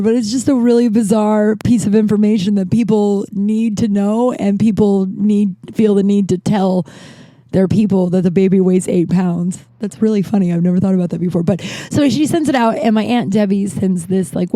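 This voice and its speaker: A podcast host tells personal stories in a rambling, candid monologue, swearing freely. Her medium-pitched voice is brisk and mellow, captured in a dry, studio-quality recording.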